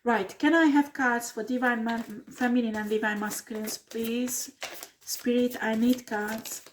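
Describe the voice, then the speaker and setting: A woman's voice: fairly high pitch, fairly even intonation, measured pace, noisy background. Blunt, emphatic woman tarot reader. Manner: blunt, emphatic, swears when upset. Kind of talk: tarot reading video.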